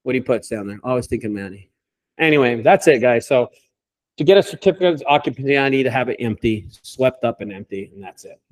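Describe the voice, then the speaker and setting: A man who owns a junk removal business, telling stories in a casual group call with lots of swearing and animated delivery. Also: medium pitch, fast talker. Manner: profane, animated storyteller.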